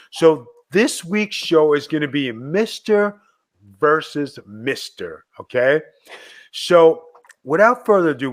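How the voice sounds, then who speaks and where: A man hosting a casual chat show, loud and excitable, joking with his co-host. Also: on the high side.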